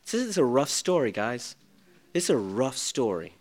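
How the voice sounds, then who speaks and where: A man preaching a sermon, swinging from shouted peaks to quiet storytelling. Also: mid-range voice, big pitch swings, normal speed. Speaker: pastor.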